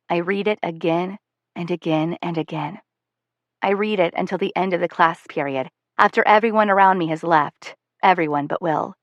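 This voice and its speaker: A woman reads a first-person audiobook in a measured, soft-spoken way. Her voice sits a little low for a woman. The sound is dry and close to the mic, with no room around it. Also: no room sound. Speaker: audiobook narrator.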